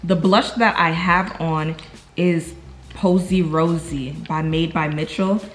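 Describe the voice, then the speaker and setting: A woman's voice: low-pitched, steady tone, takes it slowly, slight background noise. A young woman from New York with a New York accent, chatting casually to her viewers at home in a slangy, talkative way. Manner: chatty, slangy, talks straight to viewers as "y'all". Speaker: vlogger. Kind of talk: casual chat to camera.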